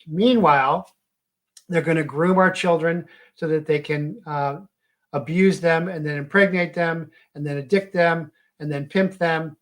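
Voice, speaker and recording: A man giving a halting, emphatic monologue full of fillers. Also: fairly high pitch, fairly even intonation, fairly bright tone. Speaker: commentator. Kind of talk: monologue commentary.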